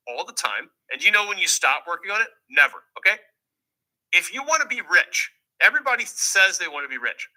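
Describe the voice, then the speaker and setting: In a played clip, a financial commentator gives money advice in a lecturing style, his voice high, bright and forceful over poor-quality audio. He's emphatic, repeatedly posing rhetorical questions and then answering them himself.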